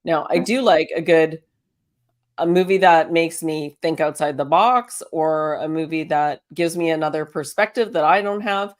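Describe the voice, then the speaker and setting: Chatty woman host, lowish voice. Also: normal speed. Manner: encouraging, fires off strings of rhetorical questions; chatty, laughs often. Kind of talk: casual spiritual self-help talk.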